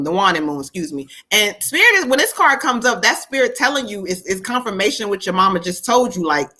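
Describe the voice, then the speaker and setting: A woman reads tarot live on a stream, talking to a viewer. Her voice is bright and ringing. She is animated and laughs often, and slips into a sassy voice when she quotes spirits. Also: medium pitch. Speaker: psychic medium giving readings.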